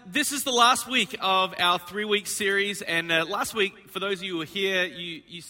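A man, preaching a sermon to his congregation in an energetic, joking way. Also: sits high. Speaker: pastor. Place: church auditorium.

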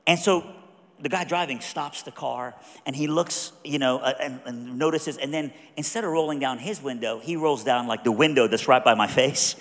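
A man preaching a storytelling sermon, acting out the people in his story and swinging from hushed to loud. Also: mid-range voice, normal speed. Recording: echoey hall with long reverb.

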